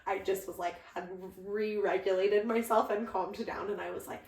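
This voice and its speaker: A woman's voice: mid-range voice, moderate pace. A young woman co-hosting a podcast, animatedly telling a story in casual chat and acting out what others said. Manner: animated storyteller acting out quoted voices, chatty. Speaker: podcast co-host, the bride. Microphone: podcast microphone. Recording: roomy, distant mic.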